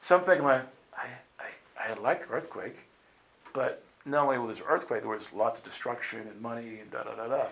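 A male preacher tells a long story to a gathered crowd, switching into character voices as he goes. His voice sits at an ordinary middle pitch. The hall around him is roomy and echoing. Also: a little fast, creaky. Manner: animated storyteller acting out voices. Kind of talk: storytelling sermon. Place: meeting room with audience.

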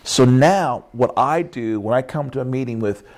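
A middle-aged man preaching a sermon, telling animated personal stories and acting out what people said. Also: mid-range voice, normal speed. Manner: animated storytelling, acts out quotes, laughs often.

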